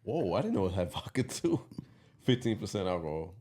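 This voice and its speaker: Deep-voiced laid-back man, lively pitch. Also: fairly quick, a little hiss or hum. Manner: laid-back, animated storyteller, laughs often. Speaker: podcast co-host. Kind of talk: casual chat.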